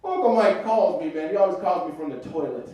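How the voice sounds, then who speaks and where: A man's voice: high-pitched, animated, brisk, highs cut off. A man doing a stand-up comedy set in a comedy club, telling stories in a loose, profane way. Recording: echoey club from far off.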